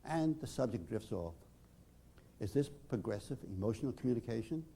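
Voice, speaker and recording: A male psychotherapist lecturing on group therapy in a measured, emphatic way with dramatic pauses. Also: mid-range voice, lively intonation, gravelly, mellow, a little hiss or hum.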